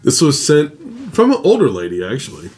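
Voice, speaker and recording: A man's voice: mid-range voice, wildly swooping pitch, moderate pace, darkish tone, husky. A man hosting a show, reading a listener's ghost story aloud in a casual, dramatic way with his own asides. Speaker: host.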